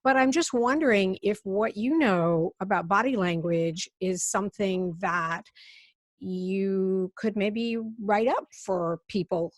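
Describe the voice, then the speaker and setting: A woman's voice: mid-range voice, takes it slowly, no room sound, clean studio sound. A woman hosting a podcast, asking long, rambling questions in a chatty way. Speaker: podcast host. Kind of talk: podcast interview.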